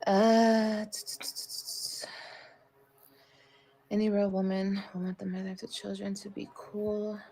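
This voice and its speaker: A woman's voice: mid-range voice, flat delivery, unhurried, pauses often, dark tone, slight background noise. A woman talking casually on a livestream, blunt and heavy on swearing as she vents to her viewers. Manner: blunt and profane, emphatic venting.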